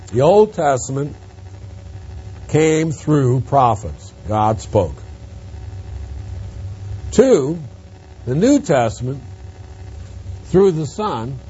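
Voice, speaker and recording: A man preaching an expository Bible lesson, emphatic, rising on stressed words and dropping quiet on asides. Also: medium pitch, lo-fi sound, a little hiss or hum. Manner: emphatic, swings from loud stresses to quiet drops.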